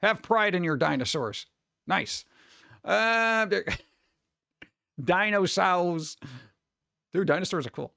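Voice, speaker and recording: A man's voice: high voice, animated, unhurried, creaky, pushed and bright, no room sound. A man chatting casually with his stream viewers, rambling and laid-back, calling everyone "dude.". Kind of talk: casual livestream chat.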